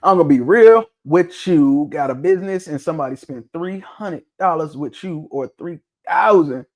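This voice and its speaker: A man hosting a casual talk show discussion, talking bluntly and swearing freely, with an animated, preaching tone. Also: on the high side, moderate pace. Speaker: podcast host.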